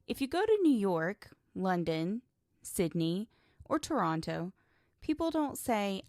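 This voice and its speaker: Woman teacher doing a scripted lesson, slow and emphatic, dry close sound. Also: mid-range voice, big pitch swings, a little mellow, no echo. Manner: deliberate, emphatic teaching delivery. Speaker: English teacher, podcast host.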